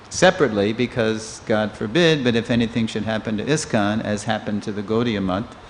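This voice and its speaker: A man in his sixties giving a storytelling scripture class in a temple, a lively teller who acts out the people he quotes. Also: lowish voice. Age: 60s. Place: temple hall. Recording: long reverb of a hall, faint noise.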